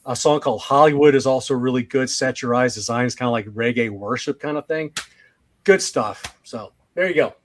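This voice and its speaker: A man's voice: mid-range voice, fairly quick. A man on a panel discussion, talking casually and enthusiastically about his favorite songs, with some fillers. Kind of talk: casual music panel talk.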